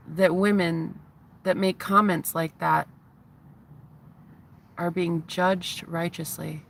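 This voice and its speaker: A woman's voice: lowish voice, gravelly, fairly bright tone, slight background noise. A woman in her thirties, a spiritual vlogger, giving a heated, profane, taunting rant to the camera. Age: 30s.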